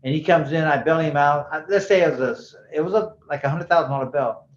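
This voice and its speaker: A middle-aged man who works as a bail bondsman talks fast in a high-leaning voice during a casual interview. His storytelling is loose and rambling, complete with acted-out voices of those he quotes, in a roomy room that sounds dull.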